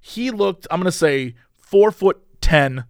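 A man telling a story in casual chat, animated and exasperated, swearing now and then. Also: high voice, slow pace, dry recording. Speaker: podcast host telling a story.

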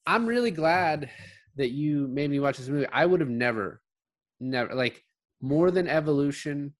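A man's voice: fairly high pitch, lively intonation, moderate pace, no room sound. A man co-hosting a casual movie chat, blunt and joking, with a habit of swearing. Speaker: podcast co-host.

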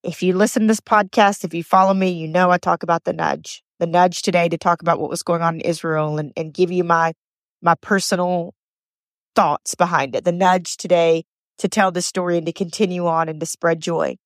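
A woman's voice: lowish voice, fairly even intonation, a little fast, no echo, studio quality. A woman hosting a motivational podcast, telling personal stories in an earnest, chatty way and repeating phrases for emphasis. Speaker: podcast host.

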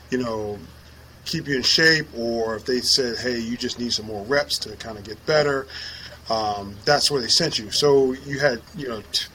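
A man's voice: medium pitch, sharp tone, slight background noise, low-quality recording. A man co-hosting a podcast, explaining things in an easygoing, laid-back casual chat. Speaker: podcast co-host.

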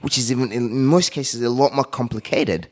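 A man's voice: mid-range voice, normal speed, darkish tone. A man chatting casually on a podcast, telling a story with some swearing. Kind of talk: casual conversation.

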